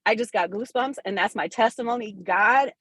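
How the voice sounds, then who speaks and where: A woman real estate agent sharing her wins on a coaching call, candid, excited and quick to swear. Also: medium pitch, husky, dry recording, low-quality recording. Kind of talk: casual testimonial in a coaching call.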